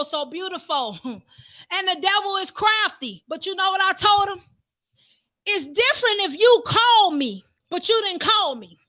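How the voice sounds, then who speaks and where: A woman preaching an impassioned sermon, fervent and rising to shouts. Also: very high-pitched, no echo, clean studio sound.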